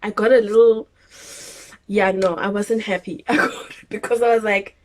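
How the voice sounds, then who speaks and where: A young woman with a South African English accent tells a personal story in a lively, casual way. She slips into acted voices and laughs at herself, and her pitch sits at a middle level for a woman. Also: moderate pace. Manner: animated, acts out her own screams and quotes with laughter. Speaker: vlogger telling her birth story.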